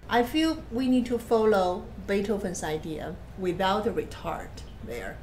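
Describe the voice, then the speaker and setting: A woman piano teacher speaks in a mid-range, expressive voice at a measured pace, giving patient masterclass feedback on a recorded performance. She keeps her explanations plain and counts or hums passages aloud over background piano playing.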